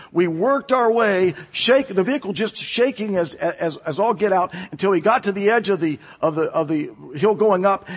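A man's voice: sits high, husky, in a large hall. A man preaching a sermon in a church, telling a personal story with laughs. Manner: storytelling, animated, laughs often.

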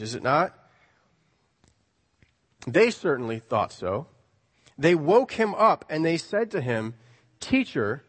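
A man's voice: fairly high pitch, in a large hall. A male preacher giving a sermon, telling a story in a conversational way with rhetorical questions.

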